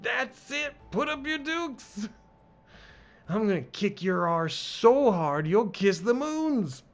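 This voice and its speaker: A man voicing a brash, foul-mouthed young woman thief with a loud, slangy, quarrelsome manner. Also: mid-range voice, big pitch swings, drawn-out words, soft background music, full character voice. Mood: brash angry.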